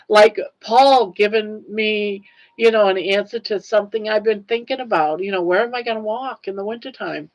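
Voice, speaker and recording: A woman's voice: on the high side, low-quality recording. An older woman hosting a casual livestream chat, tearful and earnest as she talks straight to her viewers. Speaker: livestream host.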